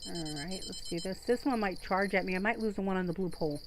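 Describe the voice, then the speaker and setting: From a room at home, a female streamer offers casual gameplay commentary on a fishing game, rambling as she chats with viewers. She speaks quickly in a mid-range voice, and background noise can be heard.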